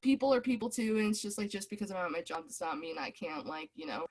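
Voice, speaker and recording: A woman's voice: medium pitch, animated, fast talker. A young woman student chatting on a video call, telling a story and acting out the quoted lines. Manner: chatty, acts out quoted dialogue.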